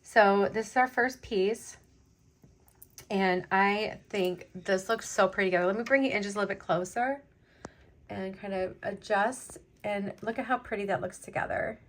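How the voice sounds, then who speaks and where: At a moderate pace and in a mid-range voice, a middle-aged woman makes casual conversation while beading. Her delivery is chatty and meandering, heavy with fillers, and she's emotional, teary and choked up.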